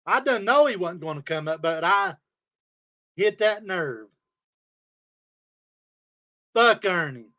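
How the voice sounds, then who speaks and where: A man's voice: sits high, animated, slow, long pauses, bright, forceful tone, dull audio. A man on a livestream, ranting in a heated, profane way and repeating his insults. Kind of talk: angry livestream rant. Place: home studio.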